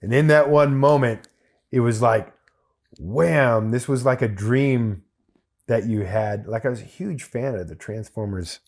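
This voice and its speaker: A military veteran guest on a podcast, telling a long anecdote in casual, profanity-heavy speech full of restarts. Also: male voice, mid-range voice, a little slow, a little mellow. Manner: profane, rambling anecdotal storyteller. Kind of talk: casual storytelling.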